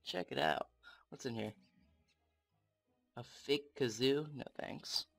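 A young man commenting on his own game play, excitable and swearing often, talking to the game. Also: mid-range voice, takes it slowly, gravelly, soft background music. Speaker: gamer.

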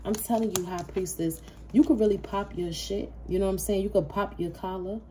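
A woman's voice: mid-range voice, steady tone, brisk, mellow, a little hiss or hum. A woman giving a tarot reading, brash, profane and emphatic, laughing often. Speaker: tarot reader.

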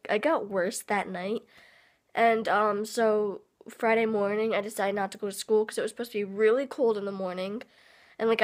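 A teenage girl vlogging in a casual, rambling way, full of fillers, with a stuffy, nasal voice from a cold. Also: medium pitch. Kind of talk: casual vlog chat.

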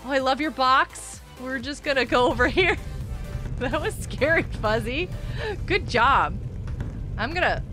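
Bubbly high-voiced woman gaming streamer. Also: measured pace, pauses often, music in the background. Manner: excitable, chatty, reads viewer chat aloud and thanks people. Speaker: live-stream gaming host. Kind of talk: casual live-stream chat while gaming.

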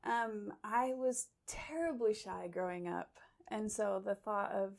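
A young woman from Idaho, a psychology graduate student, answering interview questions thoughtfully, with frequent pauses and ums. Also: mid-range voice, creaky. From Idaho, USA. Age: young adult. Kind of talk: conversational interview.

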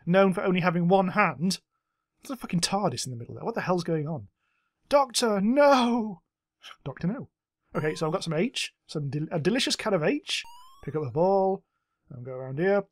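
A man talks over a retro game as he plays it. His pitch swings wildly as he yelps and swears at what happens on screen. His voice is close and dry, with no room sound. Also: no echo. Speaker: let's-play host. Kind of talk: gameplay commentary.

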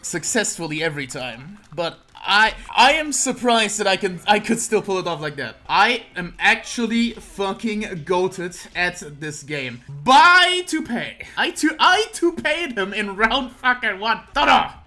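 A young man giving casual let's-play commentary, excitable and self-mocking, swearing often and breaking into laughter. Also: sits high, measured pace, few pauses. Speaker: gaming commentator.

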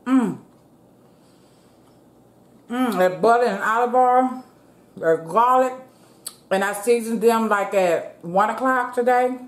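A woman's voice: fairly high pitch, slow, long pauses. Chatty woman vlogger talking to viewers. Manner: chatty, keeps addressing viewers as y'all. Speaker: mukbang vlogger. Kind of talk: casual eating-show chat. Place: at home. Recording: roomy echo.

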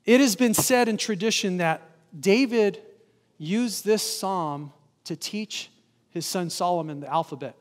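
A man's voice: high voice, big-room sound. A man preaching a sermon as a guest pastor in a church, talking directly to the congregation and asking them to respond. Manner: engaging, asks the congregation questions. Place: church sanctuary.

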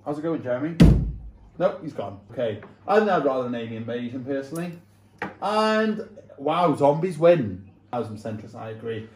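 Lively young man, roomy sound. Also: mid-range voice, normal speed, slight background noise. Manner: playful, swears freely, reads out questions. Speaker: video host. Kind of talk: casual game chat. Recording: roomy echoey room sound.

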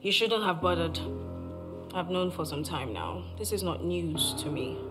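A scornful young daughter with a Nigerian accent, her voice sitting a little low. She talks with dry, biting sarcasm, and a music score runs behind her. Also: animated, unhurried. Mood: cold. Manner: bitter and sarcastic. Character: bitter, cutting young woman, a betrayed daughter. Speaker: estranged adult daughter in a family drama. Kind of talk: TV drama acting.

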